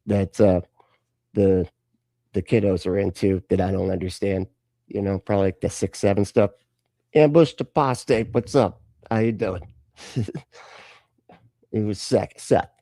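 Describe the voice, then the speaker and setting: Sarcastic, lively man streaming live. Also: on the low side, vocal fry, dry recording. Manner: sarcastic and profane, talks back at clips. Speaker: host of a live reaction stream. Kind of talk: casual live-stream commentary.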